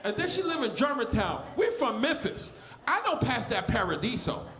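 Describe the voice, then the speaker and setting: A man in his forties with a lisp works a comedy club crowd in a stand-up set. His voice is very high and swings all over, and he is loud and crude, often shouting. The room gives his mic a roomy echo. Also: very animated, moderate pace, music in the background. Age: 40s.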